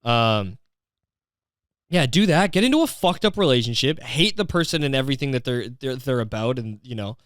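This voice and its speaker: A man's voice: mid-range voice, animated, moderate pace, fairly bright tone, clear, resonant tone, no echo, studio quality. A man hosting a comedy podcast, riffing sarcastically and profanely and drifting into bits. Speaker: podcast host. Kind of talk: comedic commentary.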